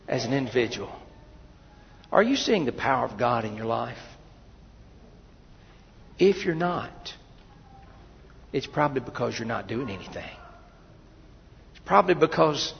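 A man preaching a sermon as pastor, moving from quiet, low stretches to loud, impassioned passages, with a gravelly, husky voice. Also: big-room sound, lo-fi sound, a little hiss or hum.

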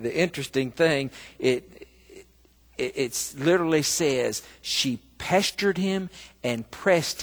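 A man preaching a sermon, telling a story slowly and breaking into loud, emphatic bursts. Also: medium pitch. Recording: long reverb of a large hall.

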